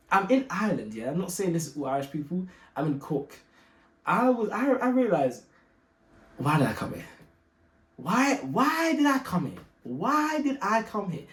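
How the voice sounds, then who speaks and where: A young man tells a story from his own life in casual, slangy storytime style. He sounds animated and exasperated and laughs easily. His voice sits slightly high, and the room echoes around him. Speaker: vlogger telling a personal story.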